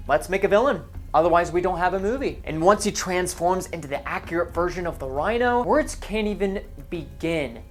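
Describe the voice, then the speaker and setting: A man's voice: fairly high pitch, a little hiss or hum. A man narrating a movie review voice-over in a sarcastic, exasperated way.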